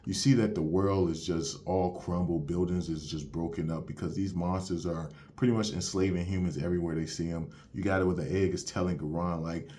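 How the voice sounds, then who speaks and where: This young manga reviewer talks fairly quickly with few pauses, his low, mellow voice holding fairly even intonation. He runs through a chapter's plot step by step in casual, slangy language, retelling events with "you have it where."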